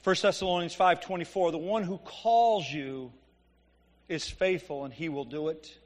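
A man preaching a sermon, reading scripture and explaining it conversationally, his voice swinging from loud emphatic peaks to quiet asides. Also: a little high, moderate pace. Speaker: pastor. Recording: long hall reverb.

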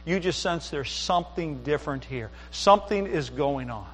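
A man's voice: a little high, animated, normal speed, a bit bright, in a large hall, slight background noise. A middle-aged man preaching a sermon as pastor, telling folksy stories with asides to the congregation. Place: church sanctuary.

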